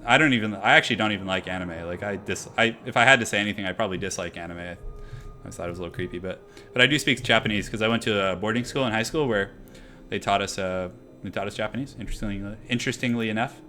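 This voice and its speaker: A man's voice: lowish voice, rapid-fire, sharp tone, faint music behind. A young man casually chatting through a live stream while setting up a strategy game battle, rambling with lots of fillers. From half Irish heritage.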